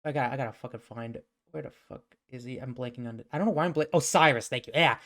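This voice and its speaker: A man's voice: medium pitch, fast talker, a bit bright. A man narrating a tabletop role-playing game as game master, rambling and swearing when he loses his place. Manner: rambling, swears when flustered, laughs at own slips.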